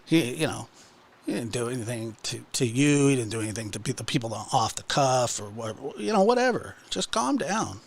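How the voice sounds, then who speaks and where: A man's voice: medium pitch, animated, normal speed, vocal fry. A man hosting his own channel, ranting casually in a mocking, exasperated way with many restarts. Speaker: channel host. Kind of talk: casual livestream rant.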